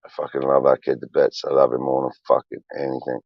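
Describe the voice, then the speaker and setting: A man in his forties talks on a livestream in an extremely low, gravelly voice. He swears a lot and pours out his feelings in a rambling, confessional way. The sound is dry and a little dull. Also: completely flat delivery, fast talker, no room sound. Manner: profane, emotional and confessional. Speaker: streamer.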